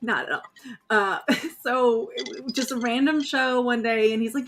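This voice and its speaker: A woman's voice: on the high side, moderate pace, fairly bright tone. A woman co-hosting a live stream on a video call, chatting casually, laughing and swearing. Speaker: co-host.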